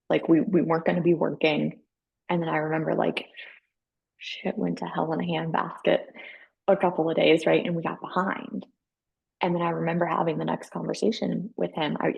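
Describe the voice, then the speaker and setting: A woman's voice: fairly low pitch, creaky, a little mellow, husky. A woman co-hosting a podcast in casual chat, candid and swearing freely as she tells stories with acted-out dialogue. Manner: storytelling, acts out quoted dialogue. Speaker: podcast co-host.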